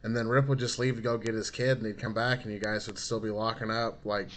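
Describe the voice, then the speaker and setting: A man hosting a podcast, asking questions in a relaxed way and laughing along. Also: on the low side, quick pace, slight background noise. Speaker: podcast host. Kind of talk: casual interview chat.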